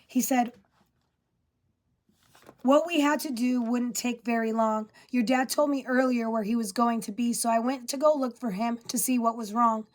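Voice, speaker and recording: A woman reads a first-person story aloud, her voice sitting a little higher than most. She carries the spoken lines with quiet emotion and hardly changes her voice between the characters. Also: fairly even intonation, normal speed. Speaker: reader of her father's story.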